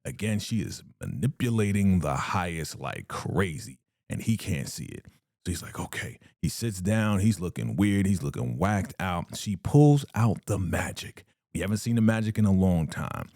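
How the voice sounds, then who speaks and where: Low mellow-voiced man recapping a show. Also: moderate pace, no echo, studio quality. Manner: animated storytelling, acts out the quotes. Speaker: TV recap vlogger.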